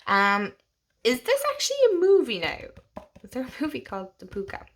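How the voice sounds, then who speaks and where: A young Irish woman chatting casually as she walks through a tarot deck, gushing and laughing, sometimes dropping to a soft whisper. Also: fairly high pitch, huge pitch swings, a little fast. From Ireland. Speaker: tarot channel host.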